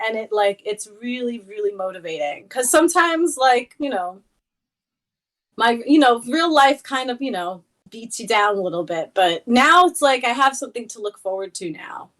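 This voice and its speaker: Young woman, casual streamer chat, filler-heavy, playful, fairly high pitch. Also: expressive, normal speed. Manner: chatty, many "like" fillers, playful. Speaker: Twitch streamer, guest.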